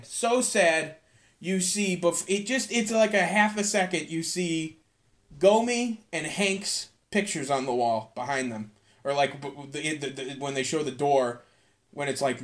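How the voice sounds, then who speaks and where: A man hosting a solo podcast, talking in a rambling, profane, excitable way, tired out. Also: high voice. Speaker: podcast host. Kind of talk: casual solo podcast rant.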